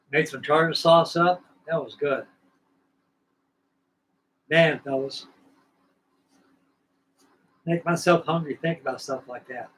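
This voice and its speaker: A man's voice: a little high, a bit bright, rough recording. A man hosting a scale-model building livestream, telling rambling, folksy stories in casual chat from his home workshop bench.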